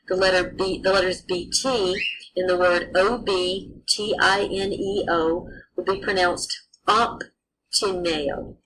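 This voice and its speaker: A woman teaches pronunciation at a slow, deliberate pace, carefully sounding out each letter and example word. Her voice sits a little low. A faint hum runs under the recording. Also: little pitch movement, fairly bright tone, poor audio. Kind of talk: pronunciation lesson.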